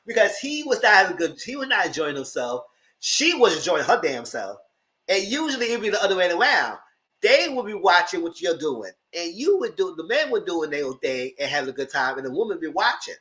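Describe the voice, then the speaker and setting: Animated chatty TV recapper. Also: a little fast. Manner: animated, acts out characters in squealing high voices; laughs through the story. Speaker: TV show reviewer. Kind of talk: casual TV recap.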